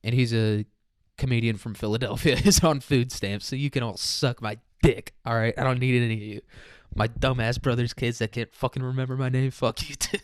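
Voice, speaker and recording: A man's voice: medium pitch, fairly even intonation, brisk, clear, resonant tone, no echo, studio quality. A young man hosting a casual solo podcast, rambling, profane and jokey. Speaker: podcast host.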